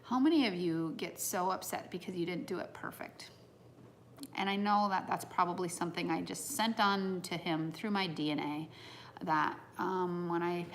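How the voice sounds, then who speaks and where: A woman's voice: on the low side, gravelly, a little hiss or hum. A woman in her thirties giving a casual, reflective talk to an audience on personal growth, earnest and heartfelt as she muses aloud.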